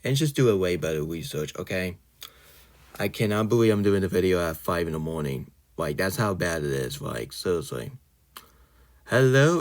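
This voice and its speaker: Ranting man with a lowish voice. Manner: indignant, ranting, loosely worded with many fillers. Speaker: channel host. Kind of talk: casual vlog rant.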